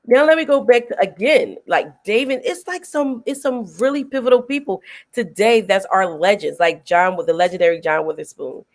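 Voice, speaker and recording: A middle-aged woman hosting a casual film review chat, retelling scenes with animated energy and frequent laughter. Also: mid-range voice, normal speed. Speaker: host.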